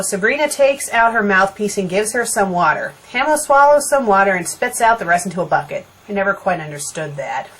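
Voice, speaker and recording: A woman's voice: medium pitch, sing-song, normal speed, a bit bright. A young woman reading a fan story aloud for a comedy show, breaking off for dry, sarcastic remarks. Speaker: fanfiction critic and reader. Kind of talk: comedic fanfiction reading with commentary.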